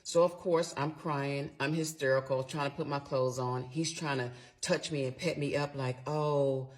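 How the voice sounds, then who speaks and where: A woman's voice: a bass voice, fairly even intonation, moderate pace. A middle-aged woman, animatedly telling viewers a personal story, emphatic and swearing freely. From Atlanta, USA. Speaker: storyteller recounting personal experience.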